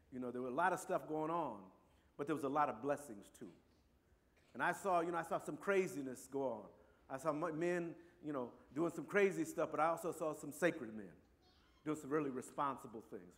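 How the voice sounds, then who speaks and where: Speaking a little fast in an animated voice on the high side, a Compton, California man with a Chicano English accent shares a personal story. He rambles warmly, with frequent asides like "you know" and "right."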